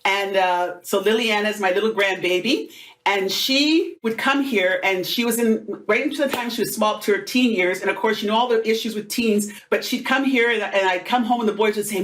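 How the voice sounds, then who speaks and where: A middle-aged woman, a motivational speaker, telling stories in an animated, conversational way during an interview. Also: a little high, brisk. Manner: animated, acts out quoted voices.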